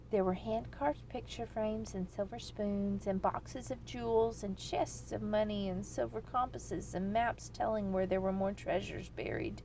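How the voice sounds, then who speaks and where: Slow, gravelly woman reading a story. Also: fairly high pitch, warm tone, highs cut off, a little hiss or hum. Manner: slow, measured narration. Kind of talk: storybook read-aloud.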